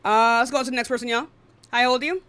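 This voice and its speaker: A woman hosting a live online debate stream, blunt and profane, quick to cut people off. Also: on the high side, steady tone, sharp tone, clean tone.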